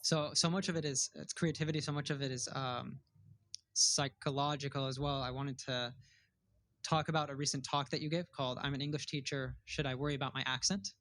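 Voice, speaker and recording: A man hosting an interview, asking long, measured questions. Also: mid-range voice, fairly even intonation, fairly bright tone. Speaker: interviewer and host.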